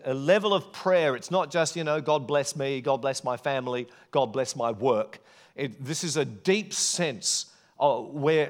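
A man preaching a sermon, telling a personal story in an earnest, conversational way. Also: fairly high pitch.

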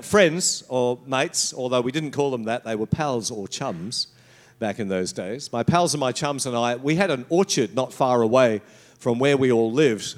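A middle-aged man, born in England, preaching a sermon in a storytelling way. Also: a little high. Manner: storytelling, with brief put-on voices and accents. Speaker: pastor.

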